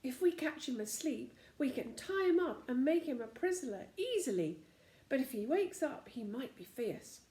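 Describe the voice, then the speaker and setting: A woman's voice: high voice, big pitch swings, normal speed, mellow, roomy sound, voice pushed up. A woman voicing Goldilocks, a brave practical young girl in a children's storybook.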